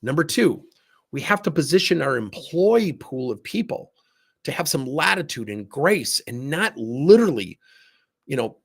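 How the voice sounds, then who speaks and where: Gravelly animated male storyteller. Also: fairly high pitch, measured pace. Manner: animated storyteller, acts out both sides of conversations. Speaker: leadership coach. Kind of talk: livestream talk with acted anecdotes.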